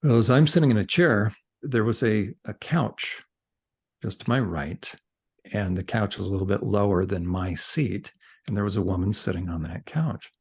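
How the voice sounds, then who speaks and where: A middle-aged man speaks as a podcast guest, his low voice gravelly and a little husky. He tells his story in an animated, conversational way and talks with his hands. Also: moderate pace.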